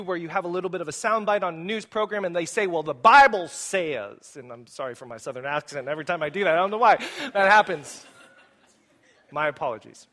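A man preaching a sermon as pastor to his congregation in a church, speaking with lively, rising emphasis and putting questions to the listeners. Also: sits high. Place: church sanctuary.

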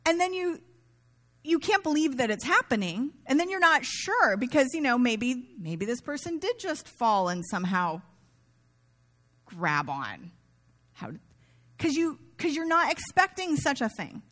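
A woman's voice: sits high, very animated, measured pace, a bit bright. A middle-aged woman pastor giving a sermon in a conversational, self-mocking way, acting out quoted asides.

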